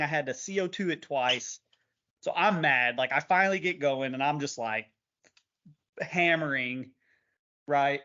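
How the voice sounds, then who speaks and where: A man co-hosting a podcast, telling a lively race story in casual chat and laughing along. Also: a little high. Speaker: podcast co-host. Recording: dull lo-fi podcast audio.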